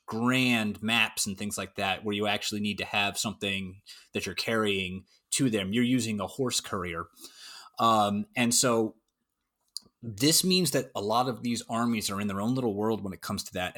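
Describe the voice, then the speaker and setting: A man's voice: mid-range voice, a bit bright. A man with an American accent explaining history in a casual podcast chat, rambling through restarts and fillers. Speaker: guest historian.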